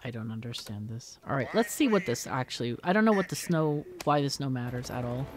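A woman's voice: very deep voice, animated, brisk, a little hiss or hum. A woman hosting a let's play, thinking aloud as she works through a puzzle game, muttering and exclaiming. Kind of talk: thinking aloud while gaming.

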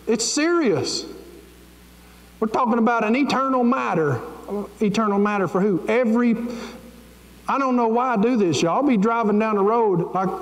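A man preaching a fervent, pleading sermon as pastor of his church. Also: high-pitched. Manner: fervent, pleading, folksy preaching with Southern grammar. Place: church sanctuary. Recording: echoey church sanctuary with long reverb.

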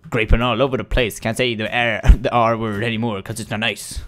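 A man's voice: fairly low pitch, level tone, fairly quick, few pauses, fairly bright tone, faint music behind. A young man giving playful commentary while playing a game, with theatrical outbursts and bits of mock singing. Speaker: gaming video host. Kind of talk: Minecraft let's play commentary.

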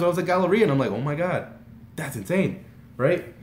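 A young man from Texas excitedly retelling a personal story as a vlogger, rambling and animated with lots of "like" and restarts. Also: on the high side, quick pace. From Texas, USA. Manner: rambling and animated, heavy use of "like", frequent restarts. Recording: roomy echoey room.

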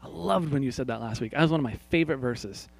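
A man preaching a sermon to his congregation. He asks them questions, speaks to people by name, and swings from quiet, hushed prayer lines to loud, emphatic points. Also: medium pitch, quick pace, vocal fry, breathy edge, no echo. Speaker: pastor.

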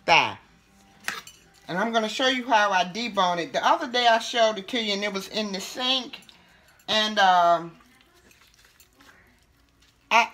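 A woman's voice: mid-range voice, bright, forceful tone. A woman, chatting casually as she demonstrates home cooking. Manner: chatty, folksy, talks while working with food.

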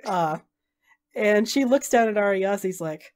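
A woman's voice: medium pitch, expressive, unhurried, darkish tone. A woman narrating a tabletop game as game master, casual with many fillers.

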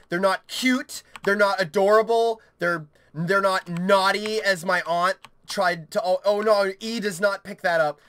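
Bright-voiced panicky young gamer man. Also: sits high, a little slow, few pauses, no echo. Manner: panicky, swearing, rambling to himself. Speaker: gaming YouTuber. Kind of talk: horror game let's play commentary.

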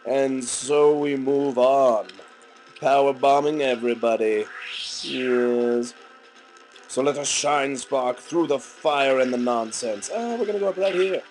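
A man's voice: medium pitch, slow, a little mellow, soft background music, low-quality recording. Goofy young man with a gunky throat. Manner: goofy, silly outbursts and running jokes. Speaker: let's play commentator. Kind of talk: gaming commentary.

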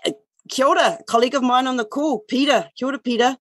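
A woman's voice: high-pitched, fast talker, no room sound. Earnest New Zealand woman on a video call. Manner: earnest, animated, with frequent fillers and restarts. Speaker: indigenous speaker in a sharing circle. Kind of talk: casual online sharing circle talk.

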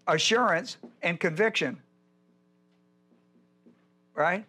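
An older male pastor leads a Bible study with a voice sitting a touch high for a man. He teaches in a folksy, rambling way, stopping to repeat himself as he works through a point. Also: slow, pauses often, sharp tone. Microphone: whiteboard lecture in a church.

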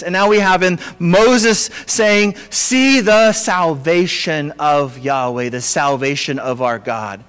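A pastor with a high voice preaches an earnest sermon, sometimes restarting his sentences and filling pauses. His voice rings out in a church sanctuary with a long reverb tail. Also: fairly bright tone, clean tone.

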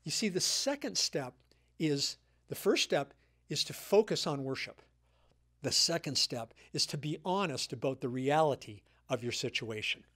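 A man's voice: on the high side, expressive, moderate pace, sharp tone. A man in his sixties, a guest speaker giving a sermon, retelling a story earnestly and repeating his key points.

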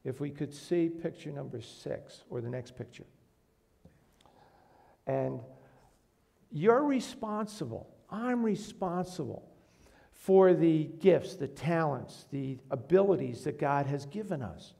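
A man's voice: a little high, big pitch swings, slow, vocal fry, warm tone. A man preaching a sermon to a congregation in a church, earnest, asking the room questions and rising to emphatic bursts. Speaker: pastor.

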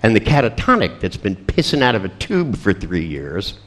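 A man's voice: on the low side, big pitch swings, normal speed. An older man telling a crude, funny story to a seminar audience. He laughs often and acts out the other people's lines. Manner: profane, laughing storyteller acting out dialogue. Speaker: seminar speaker.

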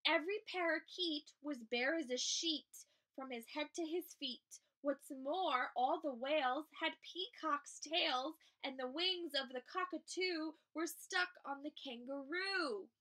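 A woman's voice: high voice, slow pace, few pauses, bright, forceful tone, exaggerated voice. A woman reading the lines of a flock of fretful birds, pleading in rhyme. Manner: pleading, rhyming.

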